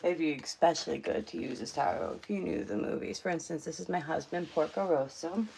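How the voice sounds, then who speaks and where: Sleepy woman rambling on her stream, lowish gravelly voice, lots of um and like. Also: very animated, a little fast, mellow. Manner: rambling, chatty, many fillers and restarts. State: just woke up. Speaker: livestream host. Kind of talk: casual chat. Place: home room.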